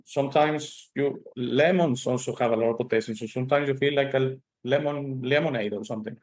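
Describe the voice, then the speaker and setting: Host, mid-pitched man, Spanish first language, animated and emphatic talker. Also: brisk. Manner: animated storytelling, frequent "okay?" tags, emphatic. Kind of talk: casual conversation.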